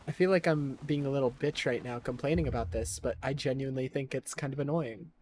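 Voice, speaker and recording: A man's voice: mid-range voice, darkish tone, slight background noise. A young man streaming a game live, chatting casually, laughing often and swearing freely. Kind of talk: live gameplay commentary.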